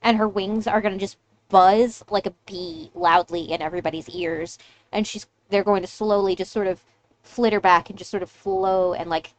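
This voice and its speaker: A woman's voice: medium pitch, fairly even intonation, normal speed. A woman running a tabletop game as game master, narrating casually with lots of fillers.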